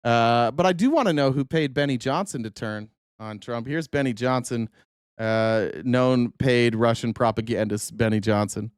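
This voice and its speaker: A man hosting a casual political commentary show, sarcastic and profane with quick asides. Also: mid-range voice, clear, resonant tone, no echo, studio quality. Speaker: host.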